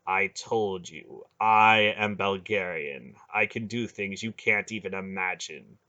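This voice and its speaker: Young sorcerer dude read by a man, slow and threatening, dull lo-fi audio. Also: low voice, exaggerated voice. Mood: menacing. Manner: slow, deliberate and quietly threatening. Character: young male sorcerer, coldly menacing and in command.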